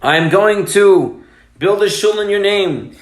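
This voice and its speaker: Eager eldest son, reassuring, grand promises, high voice, by a man. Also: takes it slowly. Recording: roomy echo.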